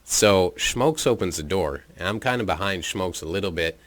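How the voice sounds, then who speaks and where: A man's voice: deep voice, animated, normal speed, fairly bright tone. A man telling a personal story in a rambling, profane, casual way into his own microphone, with chuckles and filler words. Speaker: podcast storyteller.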